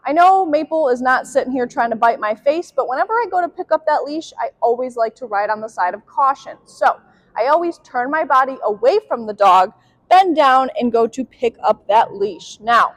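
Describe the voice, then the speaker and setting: A young woman dog trainer calmly explaining leash and obedience drills during a demonstration. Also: no room sound. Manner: calm explanatory, sharp high commands to the dog. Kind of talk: instructional dog training demo.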